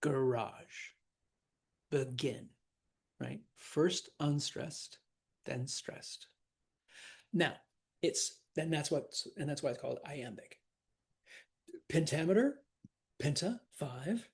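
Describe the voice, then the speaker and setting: A man teaching a class on verse, animated and laughing often, repeating words to stress them. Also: on the high side, slow pace, creaky, long pauses, slightly rough. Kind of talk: classroom lecture.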